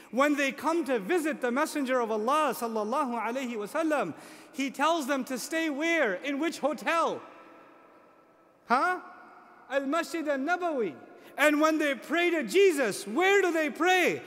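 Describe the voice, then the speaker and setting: A man's voice: very high-pitched, a bit bright. A man preaching a sermon to an audience, emphatic, repeating key phrases, asking rhetorical questions and making joking asides. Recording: long hall reverb.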